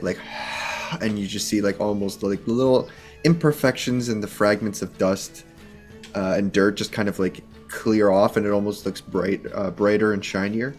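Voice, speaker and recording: A man's voice: fairly low pitch, steady tone, normal speed, faint music behind. A man describing his character's actions as a player in a tabletop game, rambling with many fillers.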